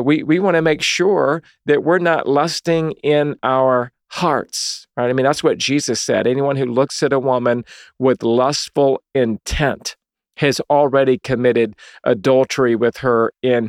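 A man's voice: mid-range voice, no room sound, studio quality. Earnest man preaching on a podcast. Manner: earnest, preacherly, conversational with frequent "right?" and "I mean"; acts out dialogue in short quoted voices. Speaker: podcast host. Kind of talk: Christian podcast teaching.

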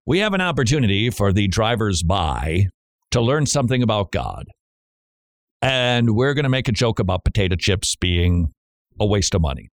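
A man's voice: on the low side, big pitch swings, normal speed, no echo, studio quality. A man hosting a radio talk show in a casual, joking way, laughing often and stammering on repeated words.

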